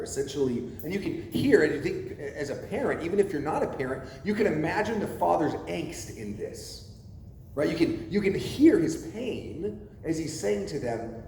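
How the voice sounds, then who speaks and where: A man preaching a sermon as pastor, animated and asking his congregation questions as he goes. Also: a little high, normal speed. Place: church sanctuary. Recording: echoey church hall, faint noise.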